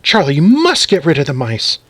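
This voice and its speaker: A man voicing a jumpy adult woman who is terrified of mice, in a shrieking high falsetto. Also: wildly swooping pitch, brisk, fairly bright tone, slightly rough, no room sound, exaggerated voice. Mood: indignant.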